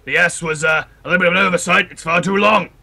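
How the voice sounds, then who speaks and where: A man's voice: sits high, fairly even intonation, fast talker, pushed and bright. A man doing comedic game commentary, playing a mock-earnest translator who stammers along. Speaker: game caster.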